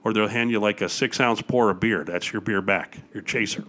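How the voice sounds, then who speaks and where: An older man with a lowish voice, chatting easily as a guest. He tells stories with eager enthusiasm and scatters "uh" and "you know" through his sentences. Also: a little fast, a bit bright. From Wisconsin, USA. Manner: enthusiastic storyteller with frequent fillers. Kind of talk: casual chat.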